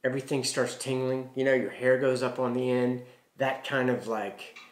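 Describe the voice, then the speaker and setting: A man's voice: medium pitch, level tone, normal speed. A middle-aged man telling a story casually to camera, rambling with many fillers and restarts. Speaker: healing practitioner. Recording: echoey room.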